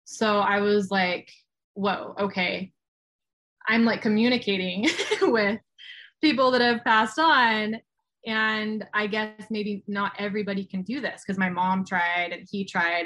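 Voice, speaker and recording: A woman in her forties, a guest on a talk show, telling her story in a chatty, animated way and acting out what others said. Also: mid-range voice. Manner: chatty, animated retelling with quoted voices. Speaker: guest, medium. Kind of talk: casual storytelling interview.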